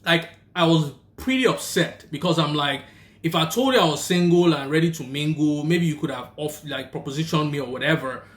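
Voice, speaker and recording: A young Nigerian man with a Nigerian accent, telling a personal story and giving faith-based marriage advice in a lively, casual way. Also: a little high, a little fast, echoey room. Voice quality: animated, acts out the people in his story. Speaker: vlogger and rideshare driver.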